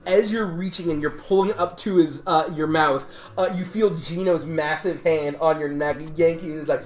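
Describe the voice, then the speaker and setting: A woman narrating a tabletop game as game master, halting with many fillers. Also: low voice, darkish tone. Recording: echoey room with music behind.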